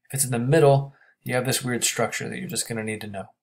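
A man teaching a grammar lesson, explaining step by step and checking in with quick questions. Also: medium pitch, fairly even intonation, gravelly.

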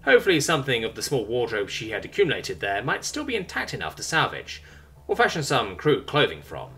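Expressive male audiobook narrator. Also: mid-range voice, a little fast. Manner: expressive, wry storytelling.

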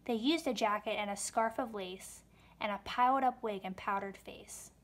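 A woman reading a rhyming children's book aloud, with expressive storytelling delivery. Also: medium pitch, normal speed.

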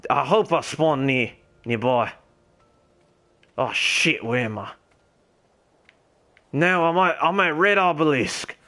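In a somewhat high, expressive voice, a young man plays a character with an affected Australian accent while streaming a game. He speaks slowly with long pauses, rambles, curses a lot, and yells out to fellow players.

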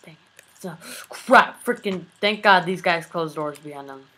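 A man's voice: high voice, unhurried, pushed and bright. A young male gamer in his teens, chatting casually over a game and barking orders at his partner. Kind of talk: casual gaming commentary.

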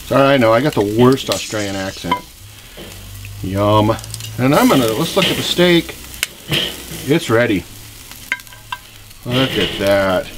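A man's voice: medium pitch, expressive, unhurried, pauses often. A man hosting a casual cooking vlog, talking upbeat and straight to viewers while he grills outdoors on a cold, windy day. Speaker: grilling channel host. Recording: outdoor recording with loud grill sizzle. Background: food sizzling on the grill.

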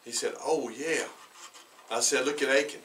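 A man, preaching a sermon as pastor and telling stories, who talks conversationally, repeats words, restarts and often clears his throat. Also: mid-range voice, normal speed, distant mic, slight background noise, low-quality recording. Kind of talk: sermon with personal storytelling. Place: church sanctuary. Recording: bright voice heard from away from the mic.

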